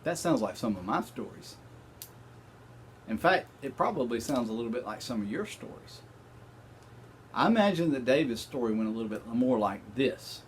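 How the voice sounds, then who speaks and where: A man's voice: medium pitch, very animated, normal speed, long pauses, slight background noise. A man teaching a Bible study lesson, talking conversationally and addressing the class directly.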